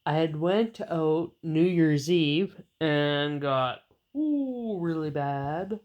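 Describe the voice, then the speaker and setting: A woman chatting with her husband, telling family stories in an unhurried way with soft laughs. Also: low-pitched, lively intonation, lo-fi sound. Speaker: wife and co-host. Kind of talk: casual chat.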